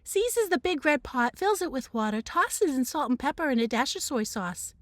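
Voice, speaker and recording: A woman reads a children's novel aloud with lively, storybook expression. Her voice is on the high side and leaps around in pitch. She takes her time, and the recording is dry and close. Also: moderate pace, dry recording. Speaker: teacher.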